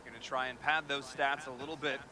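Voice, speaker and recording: A man from Canada casting an esports match, quick play-by-play calls that rise to shouts. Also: medium pitch, steady tone. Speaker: esports caster. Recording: broadcast with crowd noise.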